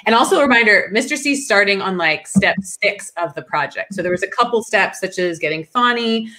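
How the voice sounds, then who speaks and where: A woman's voice: medium pitch, lively intonation, brisk, hardly any pauses, pushed and bright. A woman co-hosting a live maker stream, upbeat and reassuring, talking straight to viewers at home. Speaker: co-host.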